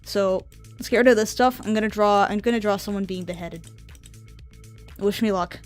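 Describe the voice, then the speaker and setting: A woman's voice: mid-range voice, normal speed, soft background music. A woman streamer chatting casually on a live stream, rambling and offhand with drifting asides.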